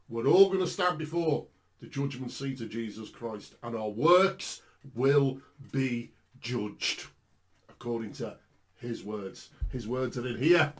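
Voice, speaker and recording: A British man preaching an impassioned sermon, swinging between hushed warnings and fervent shouts. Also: mid-range voice, lively intonation, slow. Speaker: street preacher.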